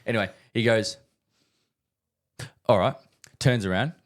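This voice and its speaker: Lowish-voiced man telling a golf story. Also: unhurried. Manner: animated storyteller, repeats himself, swears. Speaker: podcast co-host. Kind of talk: casual chat.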